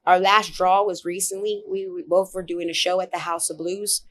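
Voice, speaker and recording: A woman comedian telling a story in a casual interview, blunt and profane, animated as she talks. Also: fairly low pitch, moderate pace. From Oak Cliff, Dallas area, Texas. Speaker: comedian guest.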